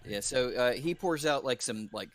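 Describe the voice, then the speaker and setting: A man narrating as dungeon master, halting and full of fillers. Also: medium pitch, lively intonation. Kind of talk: improvised game narration.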